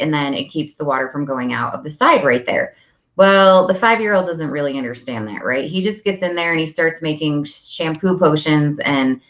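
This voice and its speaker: A woman's voice: low-pitched, reverberant. A woman hosting a parenting talk, chatting casually and acting out talks with her kids. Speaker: parenting podcast host. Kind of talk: casual chat. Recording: dull lo-fi audio.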